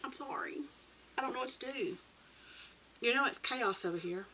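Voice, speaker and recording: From her home craft room, a woman who runs a crafting channel hosts a relaxed late-night live chat, chatty and rambling, laughing a lot and saying hi to viewers by name. Recorded on a computer or tablet mic with a little hiss or hum, her voice is on the high side, pushed and bright, at a moderate pace.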